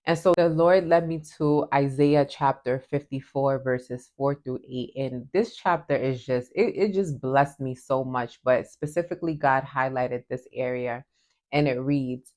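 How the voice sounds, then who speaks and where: A woman's voice: very deep voice, unhurried, darkish tone. A woman giving a heartfelt devotional talk, earnest and emotional, often saying "like" as she goes. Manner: earnest and emotional, many "like" fillers. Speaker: Christian devotional vlogger.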